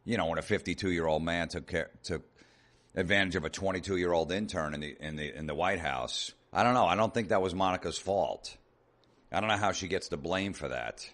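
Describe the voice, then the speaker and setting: A man with an extremely deep, low voice rants his way through a comedy podcast monologue. He talks sarcastically, swears constantly and keeps telling listeners to relax. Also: a little fast, a bit bright. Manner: profane, sarcastic ranting. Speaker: podcast host.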